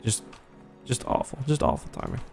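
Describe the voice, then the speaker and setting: A man's voice: normal speed, darkish tone. Young male streamer, rambling casual chat over faint music. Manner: chatty, rambling, thanks viewers. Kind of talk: casual gameplay livestream.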